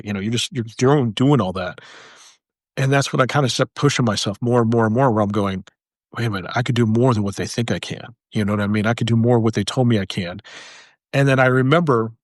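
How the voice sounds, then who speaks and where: A man's voice: mid-range voice, no echo. Earnest man telling his story, dry sound. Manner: earnest, halting, repeats phrases for emphasis. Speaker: military veteran sharing his story. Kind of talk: personal storytelling.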